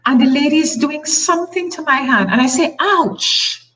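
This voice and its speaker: A woman's voice: sits high, brisk, poor audio. A middle-aged woman with a Tobagonian accent, a talk show guest telling a personal story with emphatic repetition. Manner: emphatic, repeats phrases, animated storytelling.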